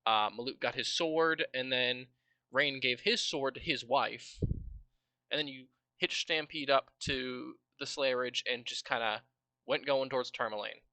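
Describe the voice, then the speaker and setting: A man's voice: mid-range voice, measured pace, sharp tone, dry recording. A man as game master, recapping a tabletop game on a livestream in a casual, rambling way, with swearing and many fillers.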